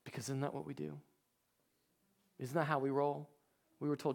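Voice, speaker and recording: A male pastor preaching, telling personal stories, dropping to quiet asides and rising to shouted emphasis. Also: fairly high pitch, little pitch movement, moderate pace, creaky. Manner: storytelling, swings from hushed asides to shouted emphasis. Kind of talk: sermon.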